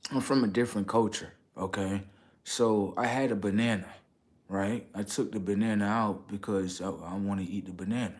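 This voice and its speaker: A man on a casual livestream, rambling in slangy street talk and checking in with his viewers, getting loud and high when worked up. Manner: rambling, repeats "okay" and "right" to the audience. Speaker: livestream host.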